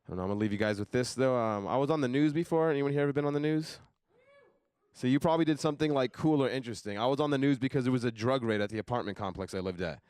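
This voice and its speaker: A man's voice: medium pitch, very fast, a little mellow, clean tone, no echo. A man telling a casual story as part of a stand-up comedy set on a club stage. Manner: casual storytelling, loose fillers.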